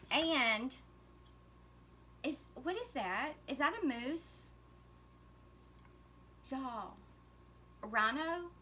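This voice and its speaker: Gushing woman, high and bright. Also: a little hiss or hum. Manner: gushing, chatty, addresses viewers as y'all. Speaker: craft livestream host. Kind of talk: casual livestream chat.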